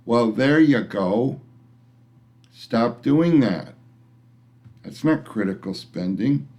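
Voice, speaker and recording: A man's voice: mid-range voice, animated, takes it slowly, warm tone. A middle-aged man ranting to the camera in a vlog, grumpy and blunt, rambling with frequent restarts. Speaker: vlogger. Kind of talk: casual rant to camera.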